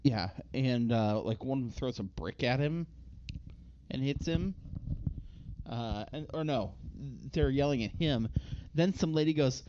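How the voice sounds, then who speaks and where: A man's voice: mid-range voice, lively intonation, unhurried, warm tone, dull audio, a little hiss or hum. A man co-hosting a podcast, recapping a movie in a rambling, casual way and acting out the characters' lines. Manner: rambling, acts out quotes in put-on voices. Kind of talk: casual chat.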